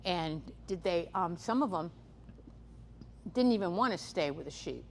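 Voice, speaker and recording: A woman's voice: fairly low pitch, expressive, measured pace, vocal fry. A woman giving a conference seminar on livestock guarding dogs, talking casually with many fillers and restarts. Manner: conversational, frequent "um" fillers and restarts. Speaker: seminar speaker on livestock predators. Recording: echoey hall, faint background noise.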